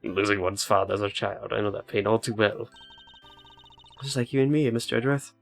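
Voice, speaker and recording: A man voicing a cool, formal male prosecutor who speaks in a measured, quiet way. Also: on the low side, creaky, faint music behind. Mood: composed.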